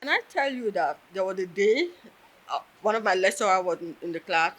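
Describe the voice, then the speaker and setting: A woman, telling her own story in an interview in an earnest, heartfelt way, with pauses and restarts. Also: medium pitch, expressive, fairly bright tone. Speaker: interviewee, deaf artist.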